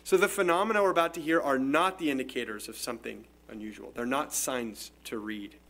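A man's voice: mid-range voice, a little fast, creaky, a bit bright. A man preaching an expository sermon in a conversational, explanatory way, often restarting phrases. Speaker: pastor.

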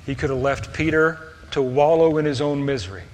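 A man preaching a sermon, earnest, moving between hushed tender passages and raised emphatic ones. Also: fairly high pitch, brisk. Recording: long reverb of a hall.

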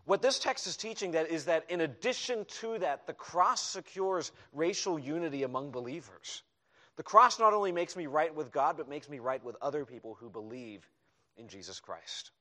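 A man preaching a sermon as pastor, emphatic, dropping into quiet asides to the congregation. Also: a little high, animated, normal speed. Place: church hall.

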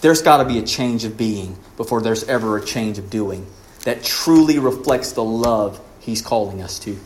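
A man, a pastor, preaching a sermon, rising to emphatic peaks and dropping quiet again. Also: fairly low pitch, normal speed, roomy sound, slight background noise.

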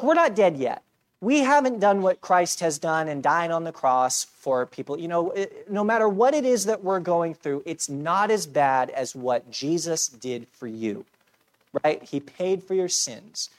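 A man's voice: fairly high pitch, expressive, measured pace. A man preaching a sermon in a church, conversational and self-deprecating, often checking in with "right?". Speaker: pastor.

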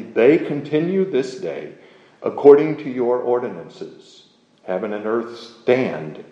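A man preaching a sermon in a slow, measured, emphatic way, explaining a psalm verse by verse. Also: on the low side, mellow. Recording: muffled, roomy recording.

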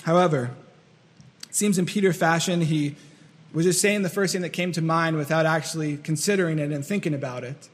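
Male pastor, high-pitched, earnest sermon delivery with long hall reverb. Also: fairly quick. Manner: earnest, repetitive, acts out quoted voices.

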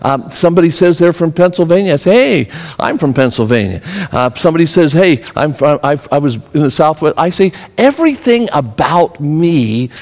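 A man's voice: on the high side, animated, moderate pace, a little mellow. A man preaching a sermon as pastor, telling stories and rising to emphatic exhortation. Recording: long hall reverb.

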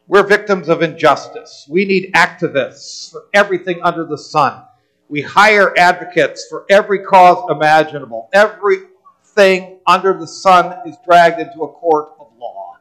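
A man's voice: a little high, moderate pace, a bit bright, low-quality recording. A male pastor preaching a sermon in an earnest way, often repeating words as he restarts a phrase.

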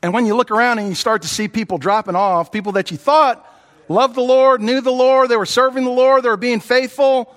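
High-voiced man preaching in a reverberant hall. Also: fairly even intonation, a little fast, fairly bright tone. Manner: earnest, repeats words, rises when voicing others. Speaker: pastor. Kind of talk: sermon.

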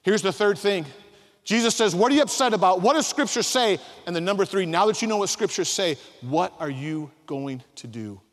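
A man preaching a sermon, emphatic, swinging from soft asides to loud acted-out quotes. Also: high voice, fairly quick. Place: large hall. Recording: long hall reverb.

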